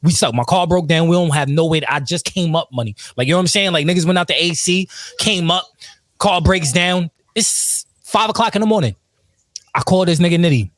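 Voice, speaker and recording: Speaking briskly in a slightly high, somewhat bright voice, this man spins rowdy, profane stories as a podcast guest, laughing frequently. He voices what his friends said as retold dialogue, and there's no room sound.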